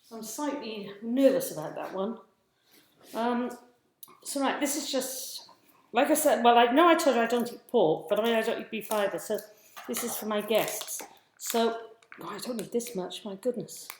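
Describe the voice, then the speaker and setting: At a normal speed and fairly high pitch, a cooking livestream host talks to viewers from her home kitchen. The sound is very echoey with slight background noise, and she's chatty and scattered, greeting people as she cooks.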